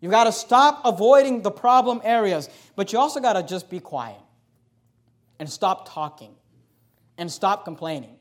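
A married man preaching a sermon as a pastor, reading scripture slowly and then talking frankly to the congregation. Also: high-pitched, lively intonation. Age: adult, married. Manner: preaching with rising emphasis, then dropping to a confiding tone; reads scripture slowly and deliberately.

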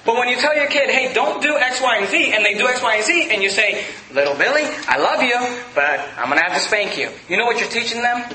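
A man preaching a sermon as pastor, shouting at the peaks and dropping to quick asides. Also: very high voice, animated. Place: church sanctuary. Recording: echoey hall, noisy.

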